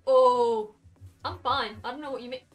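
A woman's voice: sits high, very fast, pushed and bright, faint music behind. A young Welsh woman chatting casually with her viewers while playing a game on stream, rambling from one thought to the next. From Wales. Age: young adult. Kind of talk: casual gaming stream chat.

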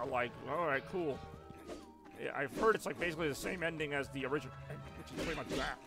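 A man's voice: on the high side, fast, bright, forceful tone, faint music behind. A man streaming a game live, rambling and joking as he chats with his viewers. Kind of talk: casual live stream gameplay commentary.

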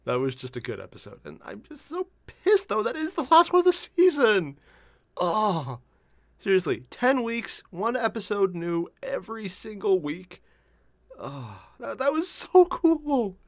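Excitable, profane reaction host. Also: mid-range voice, measured pace, dry recording, clean studio sound. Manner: excitable, swears, laughs. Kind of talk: casual reaction commentary.

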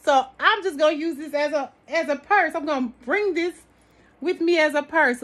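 A woman's voice: high voice, moderate pace, a bit bright. A woman vlogging an unboxing of a haul, gushing over each item and talking to her viewers as sis and y'all. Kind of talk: product unboxing chat.

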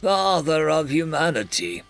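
A man's voice: on the high side, big pitch swings, unhurried, vocal fry, fairly bright tone, faint music behind, full character voice. A man voicing an old, sly human housekeeper who mocks a visitor in a storybook reading. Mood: puzzled. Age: older.

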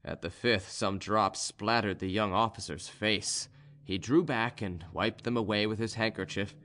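A man reading a classic novel aloud as an audiobook narrator, in a measured, even storytelling manner. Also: fairly low pitch. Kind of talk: scripted narration.

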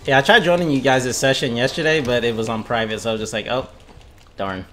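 A man streaming a video game live, joking, swearing and shouting at the action as it happens. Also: medium pitch, fast, soft background music. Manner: excitable, swearing, jokey, yelling at the game. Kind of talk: live gameplay commentary.

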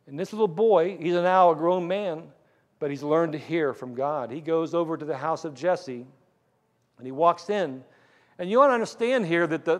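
A man's voice: a little high, in a large hall. A man preaching a sermon as pastor, retelling a Bible story with acted-out lines of dialogue.

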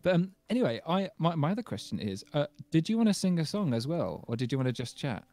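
Enthusiastic English host, dry close sound. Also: male voice, on the high side, sing-song, quick pace, a little mellow, no room sound. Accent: English, southeast England. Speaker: stream host. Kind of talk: casual livestream chat.

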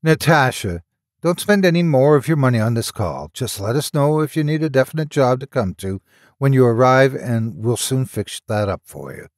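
A man voicing an excitable, cheerful man on the phone who talks in a lively sing-song. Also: mid-range voice, normal speed, no room sound, studio quality, close to an everyday voice. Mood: reassuring.

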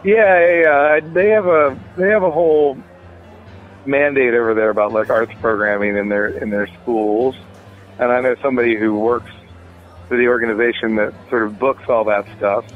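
A man's voice: mid-range voice, fairly even intonation, normal speed. A man talking casually about his music as an interview guest, rambling with many fillers and restarts. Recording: tinny phone line.

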